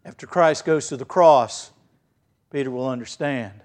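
A man preaching a sermon as pastor, telling the story vividly and swinging between loud stresses and quiet asides. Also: medium pitch, normal speed.

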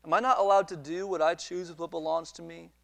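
A man's voice: fairly high pitch, fairly even intonation, fast talker, vocal fry, a bit bright, dry recording. A man preaching a sermon, retelling a parable with quoted dialogue and repeated words as he builds each point. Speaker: pastor.

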